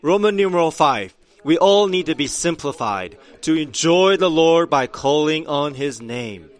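Slow, emphatic male preacher. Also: a little high, animated. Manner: slow, emphatic preaching that swells to loud cries. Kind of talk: sermon.

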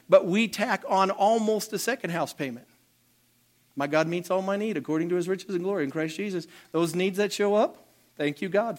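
A man preaching a sermon as pastor, animated and calling out to the congregation for responses. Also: high voice.

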